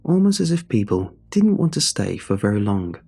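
A man narrating a true horror story in a measured, suspenseful way. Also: lowish voice, very animated, creaky, dark tone, slightly rough, faint music behind.

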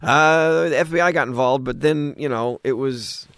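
A man's voice: medium pitch, normal speed, a bit bright, no room sound, studio quality. A middle-aged man, a comedian, chatting casually as a guest and telling rambling stories. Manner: rambling storyteller, acts out quoted lines. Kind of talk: casual chat.

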